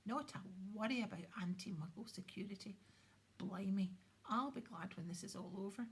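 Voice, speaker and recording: A worn-out, harried wizard official, as a woman voices him. He mutters wearily in a whispered role-play. The voice is breathy and low. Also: moderate pace. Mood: weary. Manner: weary muttering.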